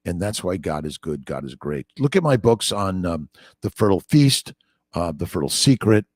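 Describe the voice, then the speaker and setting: A man's voice: low voice, big pitch swings, normal speed, darkish tone, no room sound. Older man preaching an upbeat morning livestream. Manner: enthusiastic, preachy, greets viewers by name. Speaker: doctor hosting a morning livestream. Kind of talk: casual livestream monologue.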